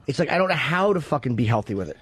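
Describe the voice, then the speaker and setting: A man's voice: medium pitch, very animated, rapid-fire, fairly bright tone, husky, dry recording. A man who is a regular on a radio talk show, venting earnestly and with plenty of swearing into a studio microphone.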